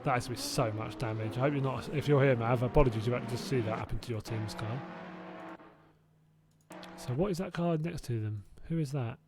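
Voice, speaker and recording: A man's voice: mid-range voice, a little fast, over music. A young man casually hosting a live sim racing watch-along, chatty and reacting aloud, laughing often. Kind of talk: casual live-stream chat.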